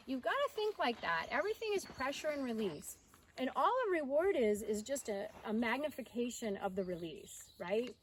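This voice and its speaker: A woman horse trainer teaching riding outdoors, coaxing her horse with soft baby talk and explaining to viewers. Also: high-pitched, very animated, moderate pace, slight background noise. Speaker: holistic veterinarian and horse trainer. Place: outdoors at a rural horse farm. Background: birds and outdoor ambience.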